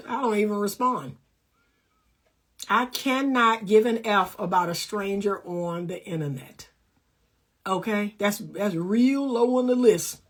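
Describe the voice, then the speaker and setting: Husky-voiced sassy woman in her fifties. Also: medium pitch. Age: 50s. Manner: emphatic and sassy, laughs often, acts out quoted people. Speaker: dating coach and counselor. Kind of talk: casual to-camera advice monologue. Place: home studio.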